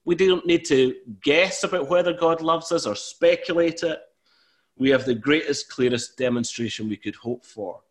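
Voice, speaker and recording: A man preaching a sermon in an earnest way, rising to emphatic, louder bursts when he gives voice to God. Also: fairly high pitch, moderate pace. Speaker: pastor.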